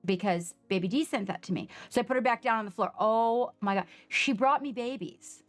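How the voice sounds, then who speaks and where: A woman streamer chatting casually on a live stream from home, telling a story with lively quoted reactions. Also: on the high side, fairly quick, dry recording, soft background music.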